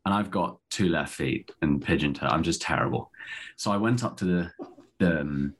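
Brief: middle-aged actor, very low voice, rambling and self-mocking interview guest. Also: male voice, normal speed, slightly rough. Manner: chatty and self-deprecating, with many restarts. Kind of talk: casual interview chat.

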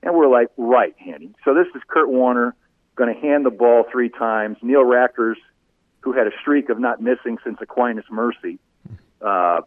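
A man and former radio broadcaster telling animated anecdotes in a casual interview. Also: mid-range voice, normal speed, dry recording. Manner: animated anecdotes, voice rising when telling funny moments. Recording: phone-like narrow sound, dry.

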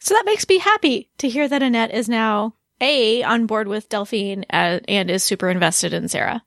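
A woman's voice: on the high side, animated, normal speed, a bit bright, no echo, clean studio sound. A woman co-hosting a TV discussion podcast, talking in a casual, chatty way with frequent restarts. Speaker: podcast co-host. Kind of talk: casual chat.

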